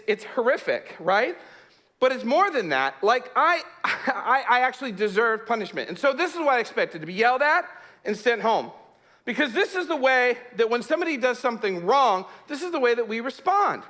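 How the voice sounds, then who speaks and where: Man, humorous storytelling, high voice, bright tone, animated with hushed suspense. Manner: animated, laughs often, drops to a hush for suspense. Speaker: speaker.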